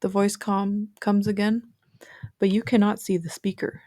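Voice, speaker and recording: A woman narrating a guided meditation in a calm, measured storytelling manner. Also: medium pitch.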